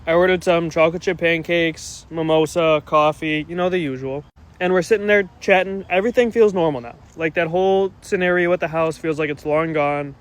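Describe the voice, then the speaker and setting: A man's voice: on the high side, a little fast. A man casually telling a story about a bad date, quoting himself as he goes. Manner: rambling, quotes himself. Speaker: storyteller in clip.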